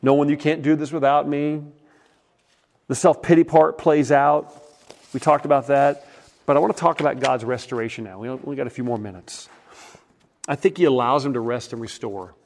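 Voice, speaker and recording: A man preaching a sermon as a pastor, retelling stories in a casual, conversational way and often dropping to a soft hush. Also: medium pitch, fairly quick, creaky.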